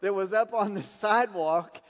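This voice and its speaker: A man's voice: high-pitched, moderate pace, big-room sound. A man preaching a sermon, telling personal stories and laughing at his own anecdotes.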